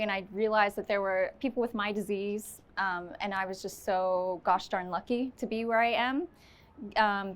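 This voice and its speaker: A woman's voice: medium pitch, a bit bright. A woman speaking on stage to a live audience, telling a personal story with candid, self-deprecating humor and then answering questions.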